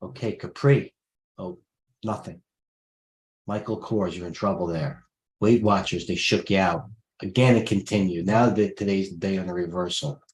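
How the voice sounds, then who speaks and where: A man's voice: deep voice, normal speed. Middle-aged male trading host, brash and blunt, rattles off tickers live to viewers. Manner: blunt, jumpy, talks to viewers directly. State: out of breath. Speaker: stock trading livestream host. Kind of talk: rapid-fire live market commentary.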